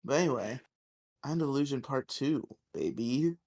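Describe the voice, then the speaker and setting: Recapping episodes on a casual podcast he co-hosts, a medium-pitched man speaks at a moderate pace. His manner is animated, full of laughter and acted-out character lines.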